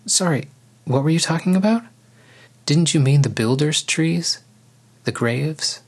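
A man reading a story aloud, voicing a solemn, thoughtful young girl in a soft, earnest way. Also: medium pitch, moderate pace, pitched above the performer's own voice, natural voice. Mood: puzzled.

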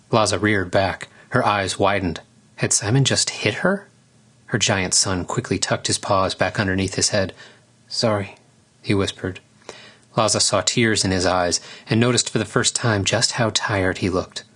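A man narrating a storybook chapter in a measured, even reading style. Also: low voice, slightly rough. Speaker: audiobook narrator. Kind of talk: scripted narration.

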